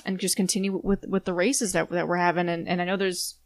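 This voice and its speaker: A woman co-hosts a podcast in a quick, upbeat, encouraging voice. Her voice is dry and close, with no room sound. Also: on the low side, little pitch movement, no room sound. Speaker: podcast co-host. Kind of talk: casual podcast chat.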